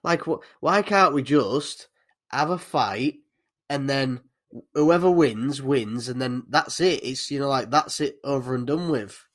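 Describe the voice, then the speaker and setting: A man's voice: mid-range voice, unhurried, a bit bright. A man co-hosting a casual podcast, chatting in a laid-back way. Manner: laid-back, laughs along. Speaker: podcast co-host. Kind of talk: casual chat.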